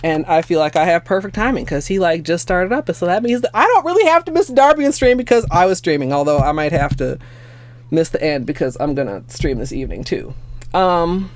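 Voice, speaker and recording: A young adult woman streamer chatting casually at home, excitable and given to swearing, teary-eyed and sniffling. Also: on the low side, a little fast, slight background noise. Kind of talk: casual livestream chat.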